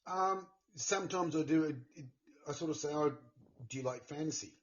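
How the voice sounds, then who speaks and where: A man's voice: a little high, brisk, dull audio. A man with an Australian accent chatting earnestly and enthusiastically as a guest author. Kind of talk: casual chat.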